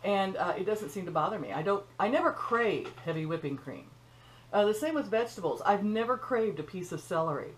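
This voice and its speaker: A woman's voice: mid-range voice, lively intonation, a little fast, slight background noise, rough recording. An older woman hosting her own cooking channel, talking in a folksy, chatty way with joking asides, from her home kitchen. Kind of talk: casual chat.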